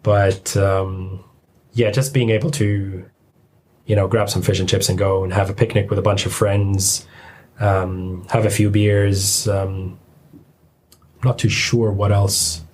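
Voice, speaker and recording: A man talking as a podcast guest in a relaxed, hesitant way with many fillers. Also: fairly low pitch, slow pace, slight background noise. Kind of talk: casual podcast chat.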